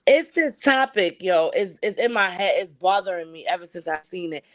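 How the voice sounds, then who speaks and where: A woman's voice: on the low side, moderate pace. Profane, emphatic woman telling a story. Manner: profane and emphatic, acts out quoted dialogue. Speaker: podcast co-host. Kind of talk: casual storytelling chat.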